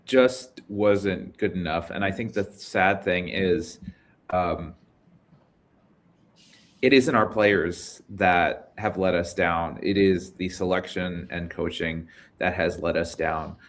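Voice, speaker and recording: A man on a video call as a guest pundit, giving frank, critical views in a measured way. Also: deep voice. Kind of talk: live cricket discussion.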